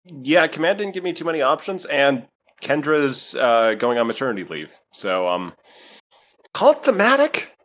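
A man playing a starship officer, awkward, hesitant, lively pitch. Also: normal speed. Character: flustered male starship first officer.

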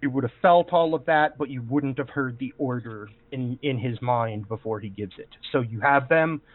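A man's voice: mid-range voice, fairly even intonation, moderate pace. A man narrating as game master of a tabletop game, rambling with many fillers and restarts. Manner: meandering, full of fillers and restarts. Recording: tinny call audio, dry.

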